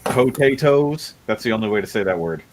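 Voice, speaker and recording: A man's voice: fairly low pitch, fairly even intonation, very fast, heavy background noise. A man hosting a casual livestream chat, rambling and laughing often. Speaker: livestream host.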